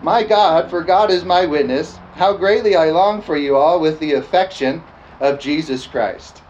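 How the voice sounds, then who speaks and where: A man with a fairly high voice preaches a lively sermon, often breaking to ask for an "amen" and cracking jokes. The recording sounds dull and lo-fi, with faint noise behind him. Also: a little slow. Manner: lively, joking, calls out "amen?" to the congregation.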